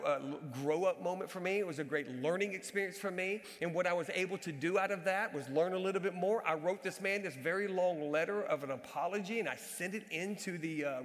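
A male pastor delivers a storytelling sermon in a fairly high voice. He moves between animated, near-shouted bursts and quiet, earnest asides. A long reverb trails each phrase. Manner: animated, swings from shouting to hushed. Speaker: pastor and basketball coach.

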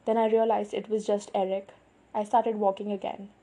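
Female audiobook narrator: measured first-person storytelling, dark breathy tone. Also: mid-range voice, little pitch movement. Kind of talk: first-person novel reading.

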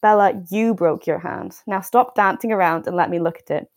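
A woman's voice: on the low side, normal speed, no echo, natural voice. A woman reading the lines of a pushy, persistent young man in love, keeping close to her own voice. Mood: calm. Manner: firm, insistent, calmly stubborn.

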